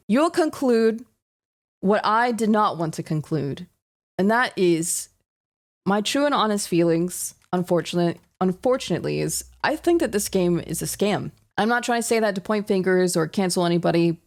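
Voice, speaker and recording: A young woman streaming a horror game, exasperated and sarcastic, talking to her chat. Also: medium pitch. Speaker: gaming streamer. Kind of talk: let's-play commentary.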